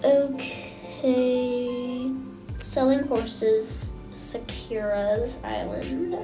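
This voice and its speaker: A young woman hosting a casual gameplay vlog, chatty and gushing with excitement as she comments on what she sees. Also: on the high side, very slow, recorded from a distance. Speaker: gaming channel host. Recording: echoey room, mic set back, music behind.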